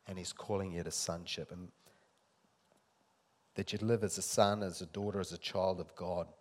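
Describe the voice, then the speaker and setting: A man preaching a sermon, acting out scripture dialogue and swinging between loud emphatic lines and soft intimate ones. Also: low voice, steady tone, normal speed.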